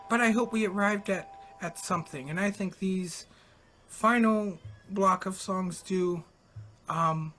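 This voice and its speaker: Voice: mid-range voice, fairly bright tone. Rambling, frank late-night radio host. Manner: rambling, frank, swears casually. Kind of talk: late-night casual live radio talk.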